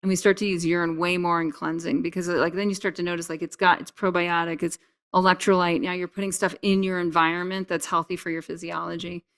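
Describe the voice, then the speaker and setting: Lively woman guest, casual and jokey. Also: on the low side, fast talker. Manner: animated, enthusiastic, jokey. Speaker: podcast guest. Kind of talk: casual podcast chat.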